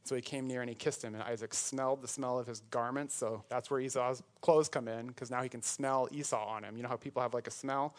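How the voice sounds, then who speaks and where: A man's voice: mid-range voice, steady tone, brisk, hardly any pauses. A man preaching a sermon in a conversational way, breaking off into joking asides. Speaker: pastor.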